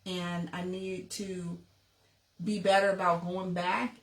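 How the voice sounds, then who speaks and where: A woman's voice: fairly low pitch, little pitch movement, slow pace. A woman in her thirties, a couples and personal development coach, talking casually on a podcast. She shares personal stories in a reflective way. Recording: echoey room, distant from the mic.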